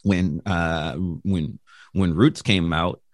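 A middle-aged man with a very low voice recounts his childhood at a loose, rambling pace, full of ums and easy laughter. The sound is dry and close, with no room around it. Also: fairly even intonation, very slow, no room sound. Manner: rambling, laughs often, many ums and restarts. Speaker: guest. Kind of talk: casual storytelling.

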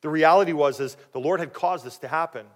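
Animated male preacher, higher voice. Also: fast talker. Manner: animated, acting out quoted voices with big swings in pitch and loudness; drops to a low, quiet voice for questions to the listeners. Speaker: pastor. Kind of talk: sermon.

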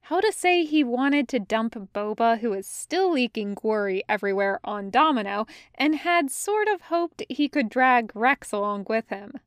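A woman reading fan fiction aloud as a podfic narrator, in a measured storytelling manner. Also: on the high side, expressive, clean tone, no room sound, clean studio sound. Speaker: podfic reader.

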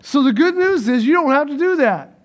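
A male preacher with a very high voice delivers a sermon in an animated way. He rises to loud urging, then drops to soft, hushed lines. He repeats his phrases and calls out to the congregation. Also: normal speed.

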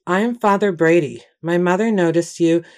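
A kind, gentle young priest, as a woman narrator reads him, speaking in a soft, consoling way. The voice sits low and carries polite warmth without any strong acting. It is an audiobook reading. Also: moderate pace, natural voice.

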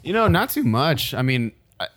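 A man's voice: mid-range voice, big pitch swings, moderate pace, fairly bright tone, slight background noise. A man co-hosting a casual chat who heckles playfully, swearing and sounding incredulous. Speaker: co-host.

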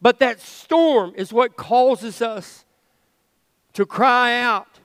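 High, bright-voiced pastor preaching. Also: male voice, extremely slow, clear, resonant tone, no room sound, big-room sound. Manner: earnest, conversational preaching with playful asides. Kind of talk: sermon. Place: church sanctuary.

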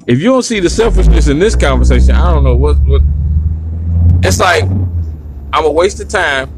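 A man hosting his own show, talking in an animated, rambling, slangy rant. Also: on the high side, moderate pace, noisy background. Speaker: podcast host. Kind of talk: ranting monologue.

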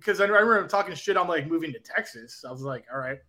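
A man on a casual talk panel, skeptical and quick, mimicking others with mocking quotes. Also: on the high side, animated, crowd noise. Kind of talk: casual chat.

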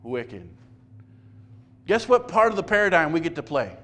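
A man's voice: high-pitched, lively intonation, quick pace, bright, forceful tone. A man preaching a sermon as pastor, conversational and self-deprecating, often stumbling and repeating words.

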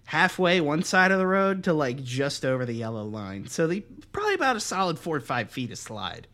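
A man's voice: a little high, a little fast. Young man telling profane stories. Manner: profane, animated, acts out quotes in other voices. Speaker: podcast host. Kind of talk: casual storytelling chat.

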